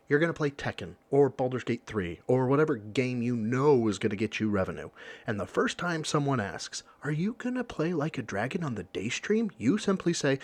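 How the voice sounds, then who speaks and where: A man giving blunt, sarcastic reaction commentary, lecturing with profanity. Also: mid-range voice.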